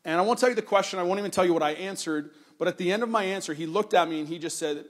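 A pastor with a high male voice delivers an earnest sermon, sharing a personal story in a conversational tone. He slows down to stress the key points.

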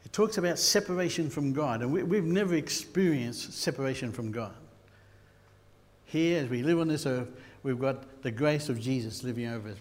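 Aussie preacher guy telling stories, big hall reverb, voice in the middle range. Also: mid-range voice. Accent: Australian. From Queensland, Australia. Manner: storytelling, rising to loud bursts. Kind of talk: sermon.

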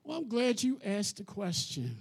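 A man with a strikingly high voice preaches with great emphasis. He leads his congregation in call-and-response, pressing them to say words back to him. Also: wildly swooping pitch, normal speed, crowd noise. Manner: emphatic, coaxes the audience to repeat words. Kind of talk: energetic call-and-response sermon.

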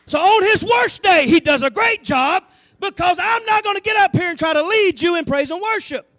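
High-voiced preacher man, animated delivery. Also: normal speed, no echo, clean studio sound. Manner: animated preaching with call-and-response asides. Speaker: pastor. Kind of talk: sermon. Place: church sanctuary.

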